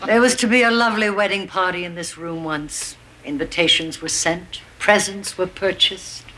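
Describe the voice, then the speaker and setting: A woman's voice: on the low side, moderate pace, pushed and bright, slight background noise, rough recording. An actress playing a grand, wealthy older mother in a sitcom, dry and theatrical, laying on guilt. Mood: wistful. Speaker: sitcom character.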